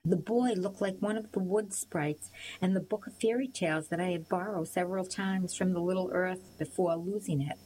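A woman narrating a storybook in the first person with a steady, measured reading. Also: fairly low pitch, slight background noise, low-quality recording. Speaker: audiobook reader.

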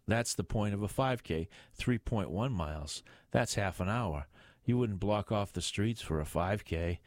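A man's voice: fairly low pitch, no room sound, clean studio sound, natural voice. A man voicing a cheeky younger male police sergeant who teases his boss. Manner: teasing and jokey. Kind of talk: audiobook character voice.

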